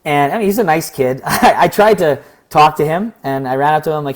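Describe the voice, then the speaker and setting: A young man from Canada, talking through a personal story in a casual, rambling vlog, his voice slightly hoarse. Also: fairly high pitch, moderate pace. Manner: earnest, rambling, acts out quoted exchanges. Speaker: vlogger.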